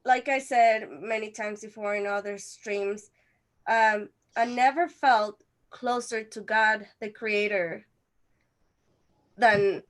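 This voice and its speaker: A woman hosting a casual video chat, chatty and quick to react with exclamations. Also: mid-range voice, steady tone. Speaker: channel host.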